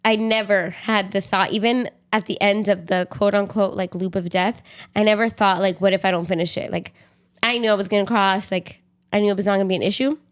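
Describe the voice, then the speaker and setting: A young adult woman co-hosts a podcast in easy casual chat. She tells her story in an animated, rambling way, full of fillers. Her voice sits at an ordinary middle pitch. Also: brisk, smooth. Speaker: podcast co-host.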